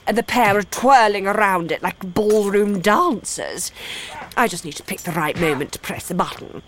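A woman reading a children's story aloud in an animated, gleeful, theatrical way. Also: mid-range voice, moderate pace, noisy background. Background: music.

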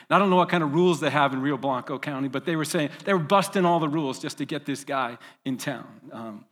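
A man's voice: a little high, fast, hardly any pauses, fairly bright tone. Male pastor telling a story in a hall. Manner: vivid storyteller with fillers and restarts. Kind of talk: storytelling sermon.

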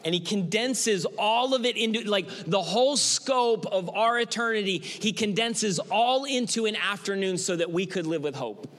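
High-voiced male pastor preaching. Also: expressive, normal speed, hardly any pauses, a bit bright. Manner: conversational, emphatic, repetitive. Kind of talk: sermon.

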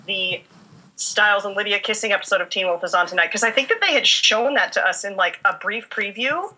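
A young woman, a fan fiction writer, chatting as a guest and telling long, animated stories that she laces with laughter. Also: medium pitch, fairly quick, rough recording. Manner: rambling, animated storytelling with laughter. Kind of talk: casual chat.

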